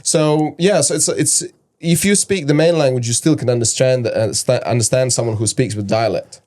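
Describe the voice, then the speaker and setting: A man's voice: mid-range voice, moderate pace, darkish tone. A man from Latvia hosting a podcast, speaking English with a Latvian accent in a playful, casual way, often laughing. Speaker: podcast host. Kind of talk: casual interview chat.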